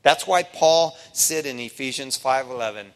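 A man preaching as a pastor in a conversational sermon, folksy, swinging from hushed to loud. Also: mid-range voice, normal speed, long reverb tail. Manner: folksy asides.

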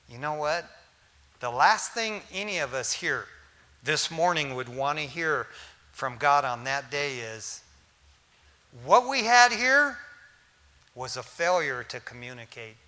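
A man's voice: mid-range voice, sharp tone. Man preaching in a reverberant sanctuary. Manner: casual, storytelling preacher with slangy asides. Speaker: pastor. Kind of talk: sermon. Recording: hall reverb.

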